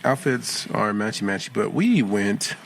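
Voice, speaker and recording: A middle-aged man, a podcast co-host, chatting casually and acting out quoted lines loudly as he tells stories. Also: fairly low pitch, measured pace, gravelly, a little hiss or hum. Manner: animated storyteller, acts out quotes loudly. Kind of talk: casual chat.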